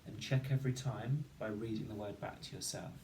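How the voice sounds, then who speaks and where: A male teacher giving a patient phonics lesson, slowly sounding out each word and syllable. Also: on the low side, a little mellow. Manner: slow, patient, sounding out words. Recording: roomy, distant mic with faint noise.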